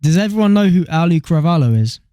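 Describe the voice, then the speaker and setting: A young man with a British accent co-hosting a podcast and telling stories in lively casual chat, swearing freely. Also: on the high side, fast talker, background noise. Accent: British English. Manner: animated storyteller, swears freely. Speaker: podcast co-host.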